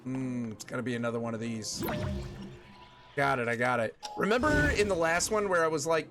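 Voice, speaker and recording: Playful male streamer, animated pitch, chats and hums over loud game music. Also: a little fast. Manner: playful, sings snatches of songs, greets viewers by name. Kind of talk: casual gameplay chat with chat readers.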